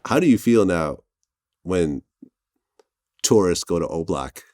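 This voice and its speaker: Low-voiced male interview host. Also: slow pace, dry recording, clean studio sound. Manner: relaxed, laughs often, short affirmations. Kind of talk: casual interview questions.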